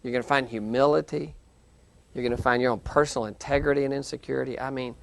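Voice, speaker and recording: A man lecturing a university class in a conversational, animated way, acting out quoted reactions. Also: mid-range voice, vocal fry. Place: lecture hall, televised class.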